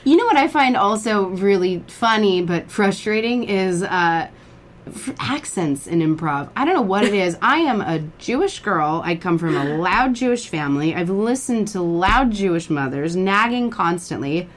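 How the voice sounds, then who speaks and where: A woman chatting as a podcast guest about improv, self-deprecating and quick to laugh at her own stories. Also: mid-range voice, lively intonation. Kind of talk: casual podcast chat.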